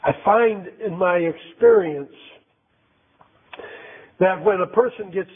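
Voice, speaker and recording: A man's voice: high-pitched, slow, slightly rough. A man preaching a sermon in a conversational, emphatic way, repeating phrases for effect. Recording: tinny phone-like sound.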